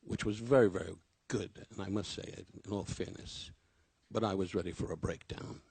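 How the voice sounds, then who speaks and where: A man's voice: low voice, fairly even intonation, moderate pace, creaky, a little mellow, husky. An older man, a comedian, giving a rambling, self-deprecating memorial tribute full of anecdotes.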